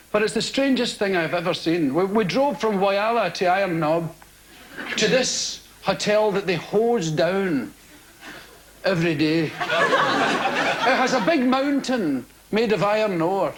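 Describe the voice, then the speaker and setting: Scottish guy doing stand-up, high lively voice, rambly and mock outraged, loud audience noise behind. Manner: animated, rambling, mock-indignant. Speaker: stand-up comedian. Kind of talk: stand-up storytelling to a live audience. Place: stage of a large theatre. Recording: live theatre audience, loud laughter.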